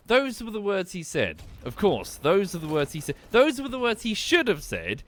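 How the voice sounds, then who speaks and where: A man's voice: high-pitched, big pitch swings, moderate pace, hardly any pauses, a little hiss or hum. A young man with a well-spoken southern English accent, chatting casually and thinking aloud as he streams a game and thanks viewers. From England. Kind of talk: live gameplay commentary and chat.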